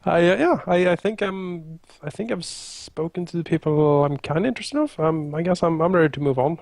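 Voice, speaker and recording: A man at a tabletop game chats through what his character does, relaxed and easygoing. His voice sits a little high and sounds dry and close. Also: fairly quick, gravelly, no room sound. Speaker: player. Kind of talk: casual tabletop play.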